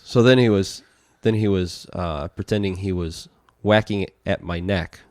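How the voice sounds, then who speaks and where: Low-voiced man telling a parenting story. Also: a little slow, darkish tone, dry recording. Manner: rambling storytelling with profanity. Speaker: podcast host and father. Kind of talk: casual podcast chat.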